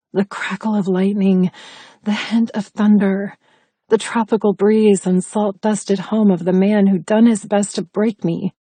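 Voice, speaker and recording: A woman narrating an audiobook in the first person, in an intimate, breathy storytelling manner. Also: mid-range voice, mellow, no room sound.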